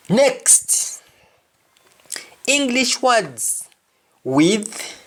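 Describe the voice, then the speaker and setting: A man teaching a pronunciation lesson, reading out example words and repeating each one twice in a deliberate, drilling way. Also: mid-range voice. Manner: drills each word slowly, saying it twice. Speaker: language teacher.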